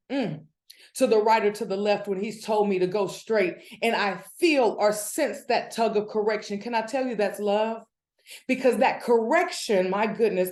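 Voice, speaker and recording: A woman giving a devotional Bible teaching, preaching with animated energy that builds in excitement. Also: medium pitch, roomy sound. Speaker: devotional speaker.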